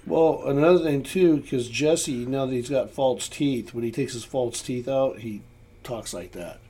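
A man's voice: mid-range voice, a little slow, dark tone, slightly rough. A man co-hosting a podcast in casual chat, telling rambling stories. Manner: rambling storyteller.

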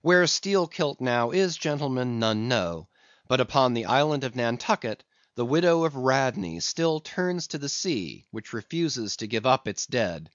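Male audiobook narrator, plain steady reading, dry muffled recording. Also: mid-range voice, unhurried, no room sound. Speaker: audiobook reader. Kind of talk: scripted narration.

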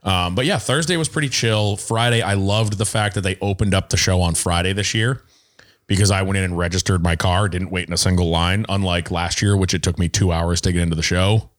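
A man co-hosting a casual podcast, telling animated stories, acting out quotes and swearing freely. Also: low voice, fairly quick. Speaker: podcast co-host. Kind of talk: casual chat.

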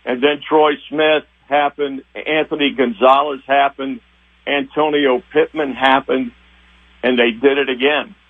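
An older man with a husky voice reminisces about his years covering sports, stopping and restarting as the feelings come up. He sounds thin and tinny, as if he is calling in over a phone line. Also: mid-range voice, fairly even intonation. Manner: rambling, halting, sentimental. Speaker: retiring TV sports director, guest. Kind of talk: emotional interview reminiscing.

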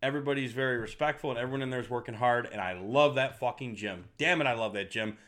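A man's voice: medium pitch, fast, a bit bright. A middle-aged man doing a profane, heated rant to camera as a fitness vlogger. He talks bluntly and swears constantly.

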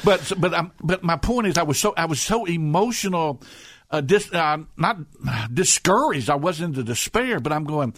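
A middle-aged man talks earnestly about his work, his voice sitting somewhat high for a man. He restarts and repeats words often as he tells his stories. The sound is dry and close, with no room around it. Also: lively intonation, moderate pace, fairly bright tone, no room sound. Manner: earnest storyteller with many restarts and repetitions. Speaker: rescue mission director, guest. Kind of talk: conversational radio interview.

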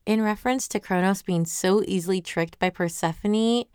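A woman's voice: mid-range voice, normal speed, darkish tone, smooth, no echo, studio quality. A woman hosting a webtoon recap. She talks casually and animatedly, reads viewer comments aloud and asks a lot of questions.

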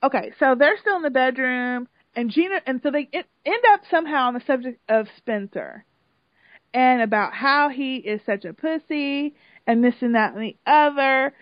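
A woman hosting a podcast who chats in a gossipy, animated way and slips into the voices of the people she talks about. Her voice sits a little high. The sound is dry and lo-fi. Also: moderate pace, no echo. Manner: gossipy, animated, acts out quotes, laughs loudly. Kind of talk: casual chat recapping a reality show.

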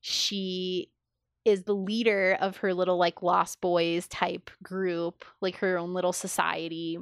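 A woman's voice: fairly low pitch, flat delivery, slow pace, no room sound, studio quality. A woman co-hosting a podcast, chatting casually and enthusiastically, often saying "like". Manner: chatty, enthusiastic, frequent filler "like". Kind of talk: casual chat.

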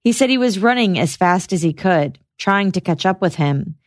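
Woman, podcast host, scripted true-crime narration, low voice, dry close sound. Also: lively intonation, no room sound. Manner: measured, recounting testimony.

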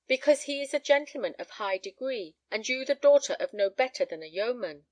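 A woman's voice: fairly high pitch, animated, brisk, no room sound, voice pushed up, natural voice. A woman voicing a grave, anxious elderly father, speaking solemnly and earnestly.

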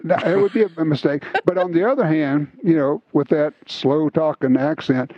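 A man hosting a casual talk show, telling stories in an animated, chatty way. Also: a little high, normal speed, no room sound. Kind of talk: casual chat, storytelling. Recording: slightly dull lo-fi sound, dry.

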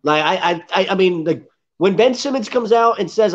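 A man's voice: sits high, animated, fairly quick. A man co-hosting a casual sports podcast who talks bluntly and rambles with lots of fillers. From Florida. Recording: dull lo-fi sound.

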